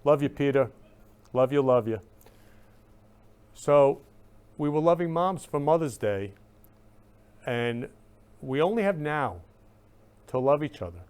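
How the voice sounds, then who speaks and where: A man's voice: medium pitch, expressive, slow, pauses often, a little mellow, clean tone. Effusive man gushing "love you" repeatedly. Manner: emotional, gushing. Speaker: host. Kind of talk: live-stream talk show chat.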